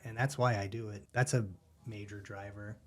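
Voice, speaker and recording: A man's voice: lowish voice, normal speed. A man in his thirties, a gym member and podcast guest, chatting casually and laughing easily. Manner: relaxed, easygoing, laughs often. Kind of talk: casual interview chat.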